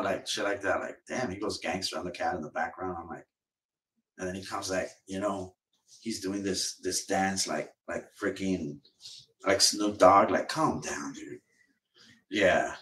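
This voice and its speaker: A man's voice: low voice, unhurried, fairly bright tone. A man streaming live and ranting casually, rambling and swearing, repeating himself as he goes. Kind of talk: casual livestream rant. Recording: roomy echo, far from mic.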